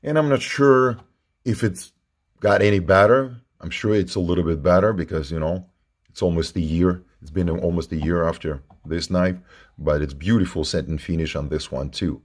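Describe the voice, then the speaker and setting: Low-voiced man reviewing knives. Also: normal speed. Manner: informal, repeats himself while handling the knife. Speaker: knife reviewer. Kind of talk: casual product review.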